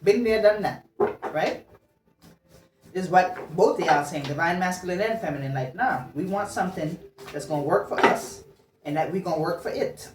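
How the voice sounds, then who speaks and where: Woman tarot reader, lowish voice, slangy and blunt, roomy sound from a distant mic. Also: moderate pace, background noise. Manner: chatty, blunt and slangy, swears and laughs. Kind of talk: casual channeled love reading.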